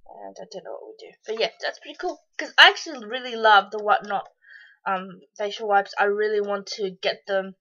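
An Australian woman chatting casually through a beauty box unboxing, excitable and rambling, with lots of ums and happy squeals. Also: mid-range voice, fairly quick, highs cut off. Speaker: beauty vlogger.

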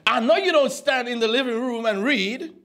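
A man in his twenties preaching a sermon, teaching the Bible with animated, teasing questions to his congregation. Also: very high-pitched, normal speed. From U.S. Virgin Islands. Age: 20s.

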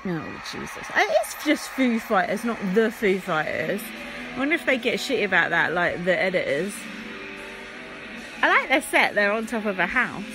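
A woman's voice: medium pitch, sing-song, moderate pace, music in the background, poor audio. A young woman hosting a solo podcast, giving blunt, sweary running commentary and laughing at her own jokes. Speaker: podcast host.

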